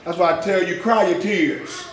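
A man preaching a sermon with passion, using street slang, swinging between loud shouts and low hushed lines. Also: normal speed, reverberant, a crowd in the background. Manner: uses street slang for emphasis.

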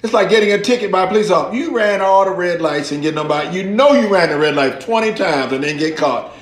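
High-voiced man preaching in an echoey room. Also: fast. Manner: animated storytelling, acts out quoted voices. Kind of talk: sermon illustration.

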